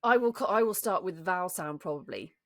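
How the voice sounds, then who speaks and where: A woman's voice: lowish voice, animated, a little fast, no echo, clean studio sound. A woman co-hosting a podcast, chatting casually and thinking aloud with frequent restarts. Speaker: podcast co-host. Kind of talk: casual chat.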